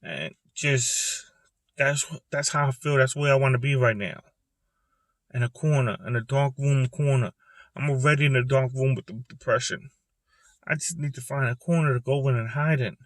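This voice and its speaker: A man sitting in a parked car, talking earnestly and repetitively about his own depression, with halting pauses. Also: medium pitch, no echo. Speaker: vlogger speaking about depression. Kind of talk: personal confessional monologue.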